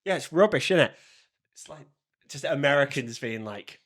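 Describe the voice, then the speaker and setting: A man's voice: mid-range voice, expressive, normal speed, fairly bright tone. A young man from England co-hosting a casual podcast, ranting bluntly and dismissively. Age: young adult. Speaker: podcast co-host. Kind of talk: casual chat.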